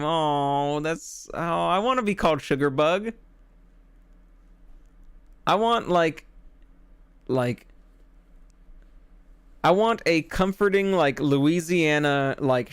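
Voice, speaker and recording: A male streamer chatting over a video game in a loose, rambling, goofy way. His voice sits a touch high with a gravelly rasp, and faint game music plays underneath. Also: no echo. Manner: rambling and goofy, with frequent fillers and laughs. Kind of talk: casual game-stream commentary.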